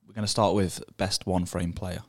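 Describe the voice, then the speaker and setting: A man with a very low voice hosts a casual podcast interview. He keeps things relaxed and moves the chat along with short prompts. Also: moderate pace. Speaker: host.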